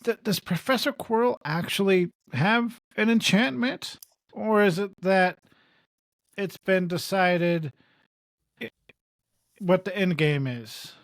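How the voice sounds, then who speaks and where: A man co-hosting a podcast in casual chat, lively and laughing as he retells scenes in quoted voices. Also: high voice, slow, long pauses, no echo. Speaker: podcast co-host.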